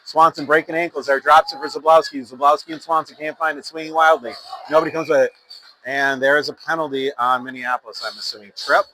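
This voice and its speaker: Guy calling a kids hockey game, bright tone, loose and rambly, some low noise in the back. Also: poor audio. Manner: rambling and informal, with fillers and self-corrections; reads sponsor plugs between plays. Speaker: play-by-play announcer. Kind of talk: amateur youth hockey commentary.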